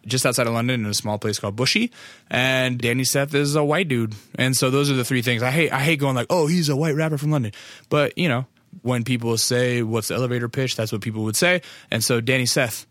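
A laid-back American man talks on his podcast in an easy, rambling way, dropping casual swears as he goes. His voice is mid-pitched and recorded close, with a dry sound and no room around it. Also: a bit bright, dry recording. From United States. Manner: rambling, profane, loose storytelling. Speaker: podcast host. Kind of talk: casual podcast monologue and interview.

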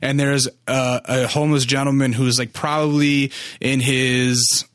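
A man's voice: medium pitch, flat delivery, unhurried, fairly bright tone, dry recording, clean studio sound. A young man hosting his own podcast, telling a story in a rambling, casual way with lots of swearing and "like". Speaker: podcast host.

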